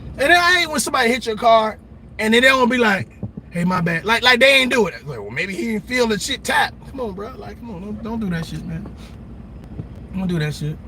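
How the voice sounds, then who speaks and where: A man hosting a casual live stream, talking straight to his viewers in an animated, blunt way with plenty of swearing. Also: high voice, brisk, background noise. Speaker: livestream host. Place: parked car in a park.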